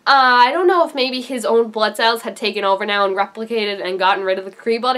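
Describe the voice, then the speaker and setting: Gushing woman with a high voice. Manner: animated and gushing, jumps high for emphasis. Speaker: TV reaction vlogger. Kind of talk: excited TV episode recap.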